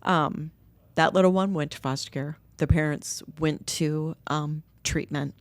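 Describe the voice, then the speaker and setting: A middle-aged woman telling stories in conversation, candid and lively, acting out what others said. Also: deep voice, measured pace, dry recording. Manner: candid, animated quoting of others. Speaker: guest, nonprofit co-founder. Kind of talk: conversational storytelling. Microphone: podcast microphone.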